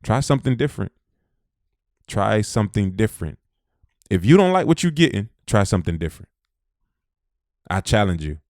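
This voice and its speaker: Low-voiced man preaching motivation, dry sound. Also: very animated, normal speed, long pauses, a little mellow, dry recording. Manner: preachy, repeats phrases for emphasis, Southern US speech. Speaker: motivational speaker. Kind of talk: motivational talk.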